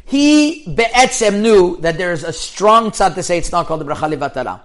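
Man playing a rabbi lecturer, high-pitched and emphatic, talks in rapid bursts with restarts and Hebrew terms. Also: animated. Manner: mixes in Hebrew and yeshiva terms. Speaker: rabbi teaching Jewish law. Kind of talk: Torah lecture.

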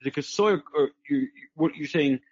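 A man's voice: on the high side, brisk, dry recording, lo-fi sound. A man, a student in the class, asking a hesitant question and stumbling over his words.

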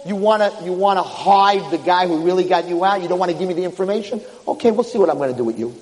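Animated man telling a story in a hall. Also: high-pitched, fast talker. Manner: acts out each character with shifting voices. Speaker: rabbi giving a lecture. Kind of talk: storytelling sermon. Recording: hall reverb.

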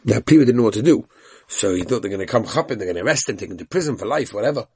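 A man's voice: on the low side, expressive, very fast, a little mellow, husky, dry recording. A man teaching a Talmud lesson, reading the Aramaic text aloud and retelling it in English with voiced quotes of the characters.

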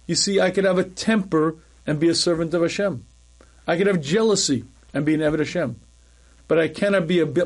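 A middle-aged man, a rabbi, teaching a class in a measured, emphatic way, repeating key phrases and often clearing his throat. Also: a little high, darkish tone. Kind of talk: recorded Torah lecture.

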